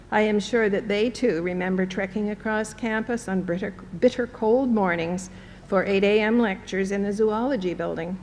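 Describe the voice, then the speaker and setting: A woman in her seventies from Canada, giving a measured, reflective formal speech as a university chancellor in a large hall. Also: darkish tone. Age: 70s. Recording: long hall reverb, faint rumble.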